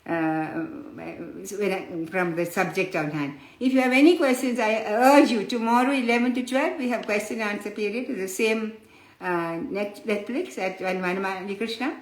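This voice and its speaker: A woman's voice: medium pitch, moderate pace. A woman giving a spiritual discourse who explains patiently and tells stories, addressing her listeners fondly as children. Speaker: spiritual teacher. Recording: roomy echo.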